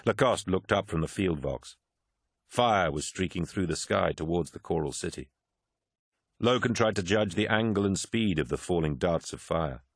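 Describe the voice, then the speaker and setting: A man reading a war novel aloud as an audiobook narrator, in measured, grave storytelling. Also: sits low, lively intonation, no echo, clean studio sound. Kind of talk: scripted narration.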